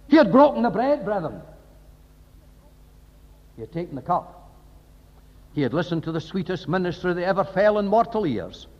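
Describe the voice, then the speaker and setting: A man's voice: sits high, a little mellow. A man preaching an impassioned sermon, often firing rhetorical questions at the congregation. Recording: dull lo-fi recording in a reverberant hall.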